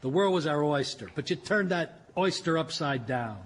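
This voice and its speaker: A man's voice: a little high, animated, normal speed, slight background noise, natural voice. An actor playing a heartbroken older man in a radio comedy, with hammy mock film-noir romance. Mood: wounded.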